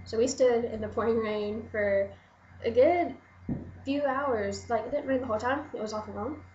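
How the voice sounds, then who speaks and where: A young adult woman vlogger telling a story in an excited, rambling way, full of "like". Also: fairly high pitch, normal speed, roomy sound, muffled recording, a little hiss or hum. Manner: excited, rambling, gushing, lots of "like". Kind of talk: casual storytelling to camera.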